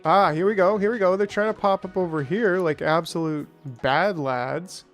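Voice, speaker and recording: A man talks through a factory-building game in a loose, chatty way, answering viewers and wandering into asides. His voice sits a little high for a man, and he sometimes jumps into playful, exaggerated greetings. Faint music runs underneath. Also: moderate pace. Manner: chatty, reads out and answers chat, rambling asides. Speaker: gaming streamer. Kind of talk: casual gameplay commentary.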